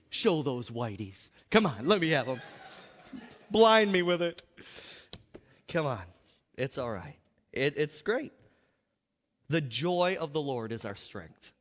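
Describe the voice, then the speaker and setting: A pastor preaching a lively sermon in a church, repeating himself and laughing often. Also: male voice, on the high side, slow pace, pauses often, long reverb tail.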